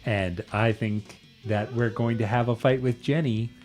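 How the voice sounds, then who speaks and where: A man narrating a tabletop game as game master, in a relaxed storytelling way. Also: mid-range voice, a little slow, soft background music.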